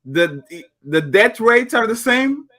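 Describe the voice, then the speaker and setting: Male panel guest, Portuguese accent, bright tense tone, slightly high voice, animated delivery. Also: slow. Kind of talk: casual panel discussion.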